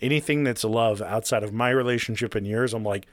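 Guy on a podcast, cussing a lot, animated, dead dry sound. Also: on the low side, brisk, no echo. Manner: profane, animated storyteller. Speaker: podcast co-host. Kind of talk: casual podcast chat.

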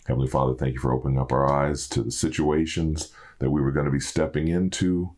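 A man's voice: rumbling low, flat delivery, quick pace. A middle-aged man, a podcast host and minister, praying earnestly and then signing off his show with heartfelt repetition. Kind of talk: spoken prayer and podcast sign-off. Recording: loud guitar music behind. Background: loud guitar music.

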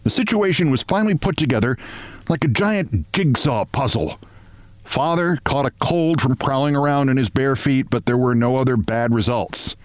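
A man's voice: mid-range voice, moderate pace, no room sound. Man reading a story with theatrical flair. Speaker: host. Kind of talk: reading a comic story aloud. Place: studio.

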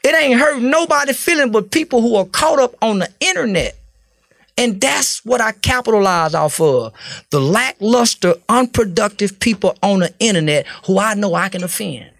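A man's voice: high-pitched, animated, moderate pace, creaky, fairly bright tone, dry recording. A middle-aged man from Texas, talking bluntly and profanely as a podcast guest. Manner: blunt, profane, preacher-like storytelling. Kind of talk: casual interview talk.

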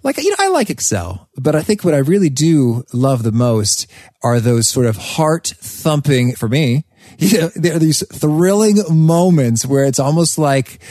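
Man, podcast host, enthusiastic, animated storytelling, dry close sound. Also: on the high side, unhurried, no echo. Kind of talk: casual podcast conversation.

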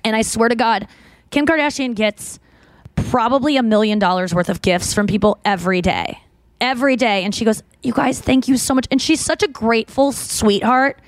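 A woman hosts a podcast in a casual, rambling chat full of fillers and restarts. Her voice is fairly high with lively intonation, her pace is moderate, and there's no room sound.

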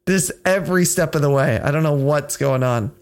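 A man's voice: fairly high pitch, moderate pace, darkish tone. A man co-hosting a casual podcast, tired and joking, swearing freely and teasing his partner. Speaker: podcast co-host. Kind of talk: casual banter.

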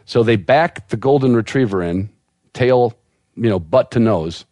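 A man telling a long story on a podcast in an animated, laughing way, as a guest who breeds dogs. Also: mid-range voice, unhurried, no room sound.

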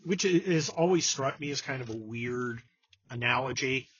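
A man's voice: mid-range voice, moderate pace, husky. A man hosting a casual political chat show, talking sarcastically and slipping into mocking impressions. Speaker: podcast host. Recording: dull lo-fi sound.

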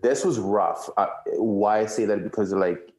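A man's voice: on the low side, measured pace, a little mellow. A man in his thirties, guest cohost of a podcast, talking earnestly and rambling with many restarts. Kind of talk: casual podcast chat. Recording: roomy echo.

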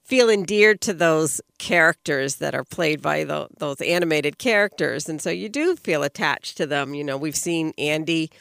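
A woman co-hosting a casual movie chat, agreeing warmly and laughing often. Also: deep voice, expressive, moderate pace, creaky, hardly any pauses, no room sound. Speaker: podcast co-host.

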